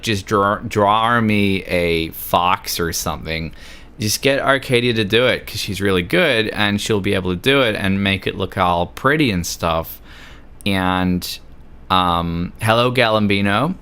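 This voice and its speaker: A man's voice: fairly low pitch, bright, forceful tone, clean tone. A drunk Australian man livestreaming a game, chatting in a rambling, sweary, giggly way. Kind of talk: casual chat while gaming.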